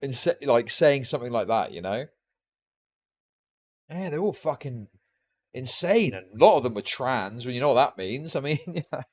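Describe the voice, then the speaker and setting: A man's voice: medium pitch, animated, normal speed, long pauses. A young man streaming live reaction commentary, profane and mocking with sarcastic asides.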